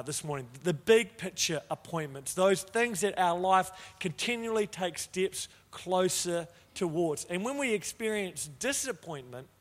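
A man's voice: high-pitched, a bit bright. A man preaching a sermon as pastor, telling stories with humorous, self-deprecating asides. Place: church. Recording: long reverb of a church hall.

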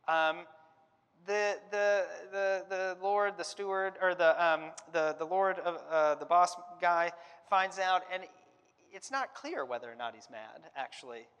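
A man's voice: high voice, fairly bright tone, smooth. Man teaching a Bible lesson in a hall. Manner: thinking aloud, hedging, frequent fillers and restarts. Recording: long hall reverb.

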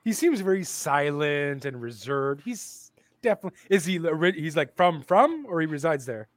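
A man from Canada in a casual chat, reacting in an animated, playful way. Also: a little high, moderate pace, no room sound.

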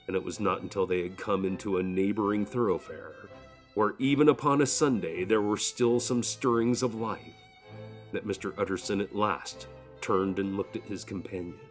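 A man narrating an audiobook in a measured, solemn manner. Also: fairly low pitch. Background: faint violin music.

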